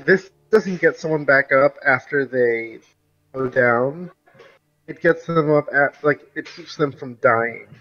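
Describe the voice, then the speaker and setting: A man's voice: medium pitch, slow pace, bright, forceful tone, muffled recording. A man in a casual tabletop game session, earnestly laying out his reasoning to the group over an online call. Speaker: tabletop player. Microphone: home mic over online voice call.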